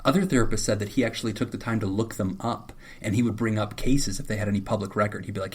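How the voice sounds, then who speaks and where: A man's voice: on the low side, quick pace, hardly any pauses, slightly rough. A middle-aged man, a therapist co-hosting a podcast, telling a story in casual chat and acting out the voices of the people in it. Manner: animated storyteller who acts out quotes.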